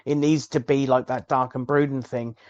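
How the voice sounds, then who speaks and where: A man co-hosting a gaming podcast, talking in a hesitant, halting way. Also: medium pitch, steady tone, a little mellow, dry recording, lo-fi sound. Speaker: podcast co-host. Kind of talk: casual chat.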